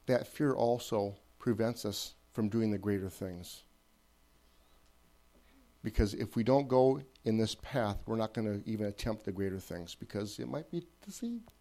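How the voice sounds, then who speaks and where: Mellow-voiced man preaching casually. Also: lowish voice, normal speed. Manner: conversational, repetitive emphatic phrasing, checks in with listeners. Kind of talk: informal sermon.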